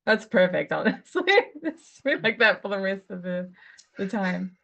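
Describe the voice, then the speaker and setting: A woman's voice: medium pitch, expressive, a little slow, vocal fry, a bit bright. A woman playing in a tabletop role-playing game, giggly and hesitant, full of ums. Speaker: player. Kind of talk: casual chat in a tabletop game. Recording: dull lo-fi audio.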